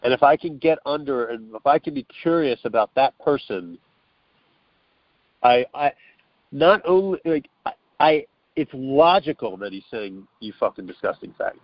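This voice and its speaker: An interview guest on the phone, this man has a medium-pitched, expressive voice and takes his time. His explanation is sincere yet loose, full of restarts and quotes he performs aloud. Picked up by a telephone, the audio is dull and dry without any echo.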